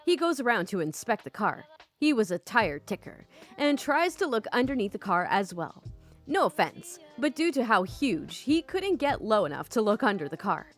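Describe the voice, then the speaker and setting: Lively giggly woman storyteller. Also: fairly high pitch, normal speed. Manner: giggly, animated, swears casually. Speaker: storytime YouTube host. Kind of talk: reading online stories with commentary. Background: faint background music.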